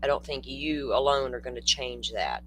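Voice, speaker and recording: A man's voice: medium pitch, normal speed, a bit bright, faint music behind, poor audio. Chatty older man hosting a livestream. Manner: chatty, blunt, answers chat comments. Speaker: true-crime livestream host. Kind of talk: casual livestream chat.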